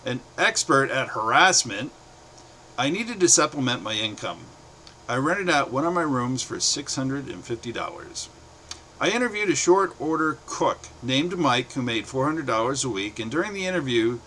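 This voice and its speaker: A middle-aged man from the United States reading his own short stories aloud, in a plain, steady way with brief pauses. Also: medium pitch, a little hiss or hum.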